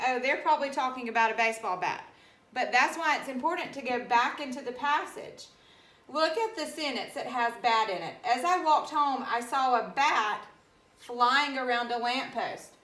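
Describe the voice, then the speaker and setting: A woman's voice: sits high, bright, forceful tone. Patient woman teacher in an echoey room. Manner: slow, patient, spells words letter by letter. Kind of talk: recorded classroom reading lesson.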